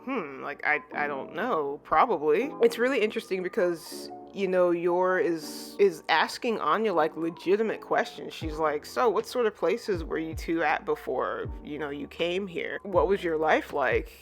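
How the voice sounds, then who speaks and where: Manga reviewer, casual recap, mid-pitched voice, chatty, lots of fillers, quieter music bed. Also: moderate pace, few pauses. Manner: chatty, filler-heavy retelling with lifted pitch for quoted characters. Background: soft background music.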